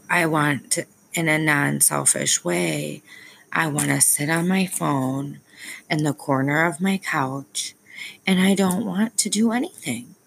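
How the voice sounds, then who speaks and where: A woman's voice: fairly low pitch, gravelly, a little hiss or hum, low-quality recording. A young woman, a parent, talking candidly to her viewers in a rambling vlog, with plenty of ums and self-aware asides. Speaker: parent vlogger.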